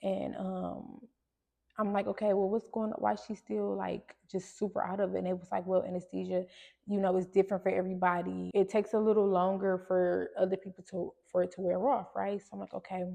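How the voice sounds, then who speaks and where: Gravelly-voiced woman telling a personal story. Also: mid-range voice, little pitch movement, brisk, dark tone. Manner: conversational, many fillers and restarts. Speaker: podcast host.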